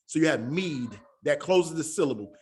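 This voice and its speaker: A man with a slightly high voice teaches a Hebrew lesson. He is patient and repeats each word slowly so his students can follow. His speech is casual and Southern-tinged, with "y'all" and an easy pace. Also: animated, a little mellow. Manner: patient, repeats words slowly to drill pronunciation. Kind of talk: classroom lesson.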